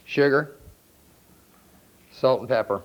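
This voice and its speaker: A man with a North Carolina accent, a chef talking through a cooking demonstration in a relaxed, plainspoken way. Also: medium pitch, slow pace, slight background noise. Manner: relaxed, plainspoken, step-by-step instruction. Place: outdoor charcoal grill by a house. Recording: dull lo-fi VHS recording.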